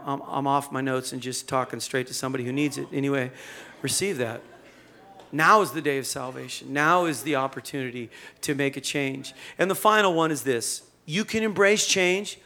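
A male pastor delivers a sermon in a loose, conversational way and acts out the stories as he goes. His voice is bright and clear, sitting a little high for a man. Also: normal speed. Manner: conversational, animated storytelling preaching.

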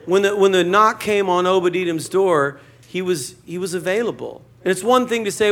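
A man's voice: high-pitched, moderate pace, few pauses, a bit bright. A man preaching a sermon to a church congregation, conversational and joking, acting out short quotes. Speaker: pastor.

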